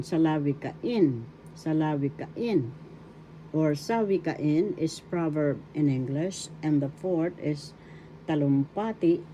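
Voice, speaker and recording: An older woman with a Filipino accent teaching a video language lesson, breaking words slowly into syllables. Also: deep voice, dark tone, slight background noise, poor audio. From Philippines. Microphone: webcam or phone camera.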